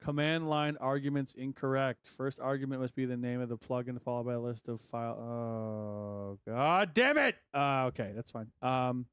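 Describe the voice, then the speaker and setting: A man talking to himself as he installs music software. He mutters, swears and gets frustrated as it keeps failing. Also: mid-range voice, level tone, fairly quick, hardly any pauses, smooth, no echo. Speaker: music producer vlogger. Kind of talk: casual screen-recording chat.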